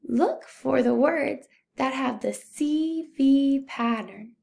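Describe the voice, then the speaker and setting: A young woman teacher giving a recorded phonics lesson to young children, speaking slowly and clearly, patient and encouraging. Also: high voice, a little mellow. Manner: slow, clear, patient teaching voice, addressing "boys and girls". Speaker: first-grade teacher.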